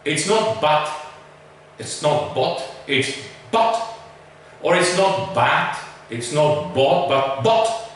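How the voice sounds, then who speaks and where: Slow, echoey, high-voiced male teacher. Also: bright, forceful tone, slight background noise. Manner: drawn-out modelling of sounds, repetitive drills. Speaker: pronunciation teacher. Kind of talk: slow deliberate pronunciation lesson. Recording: very echoey room, voice far from mic.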